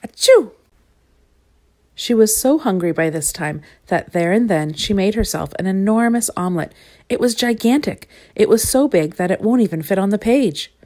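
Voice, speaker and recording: A woman reading a children's picture book aloud with expressive, playful asides to the listener. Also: mid-range voice, normal speed. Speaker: storybook reader.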